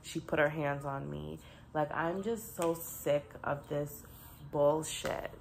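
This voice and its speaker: A woman's voice: low-pitched, steady tone, slow, creaky, darkish tone, a little hiss or hum. A young woman vlogging casually to camera, venting bluntly and profanely about her frustrations. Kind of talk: casual vlog rant.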